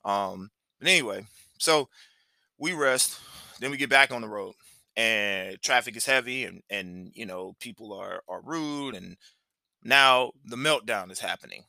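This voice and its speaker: An earnest man tells a personal story on his podcast in a rambling, heartfelt way and keeps circling back on himself. His voice is very bright and forward. It is recorded close and dry. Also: fairly low pitch, a little slow, vocal fry, no echo. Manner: rambling, earnest, with many restarts and asides. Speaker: podcast host. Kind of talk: reflective storytelling monologue.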